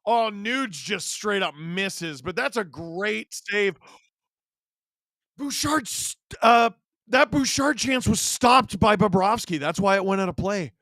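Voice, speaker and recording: A man hosting a live watch-along, calling the game play-by-play in an excited way and breaking into shouts on big plays. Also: high-pitched, takes it slowly, no room sound, studio quality.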